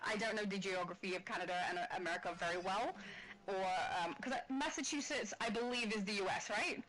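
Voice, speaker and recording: A woman's voice: on the high side, low-quality recording. Giggly woman from Australia. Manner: giggly, laughs often. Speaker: livestream host. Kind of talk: casual stream chat reading comments.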